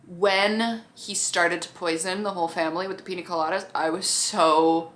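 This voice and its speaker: A woman's voice: on the low side, fairly even intonation, moderate pace, fairly bright tone. Chatty, profane woman vlogger. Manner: profane, chatty, acts out characters' lines. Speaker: TV show reviewer. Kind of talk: casual on-camera vlog.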